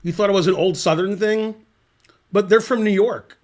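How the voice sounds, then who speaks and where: A man's voice: sits high, moderate pace, soft background music. Rambling, dry-humored man commentating chess. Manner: rambling, dry, digressive storytelling. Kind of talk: casual live chess commentary.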